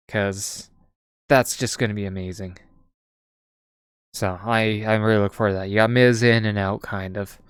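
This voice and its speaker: A man in casual commentary mode, talking in a rambling, excitable way, cursing now and then and laughing often. His voice sits on the low side and sounds smooth and clear. The recording is close and dry. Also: no room sound. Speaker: wrestling show host. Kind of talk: casual post-show commentary.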